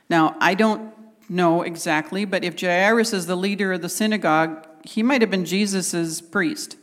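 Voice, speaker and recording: A woman's voice: fairly low pitch, unhurried, long reverb tail. A woman preaching a conversational sermon, retelling scripture and acting out the quotes with animation.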